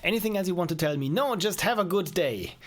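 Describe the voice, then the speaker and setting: A young man with a high, expressive voice talks at a quick clip while streaming and reviewing small indie games. His casual live-stream commentary rambles along, full of self-mockery and frequent chuckles.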